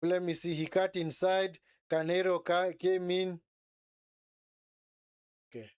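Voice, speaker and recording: He's slow-paced yet excitable as he calls a football match for his stream, chatting, repeating words and adding "eh?" often. His voice is a touch high, smooth and clear, captured in a close, dry recording with no room behind it.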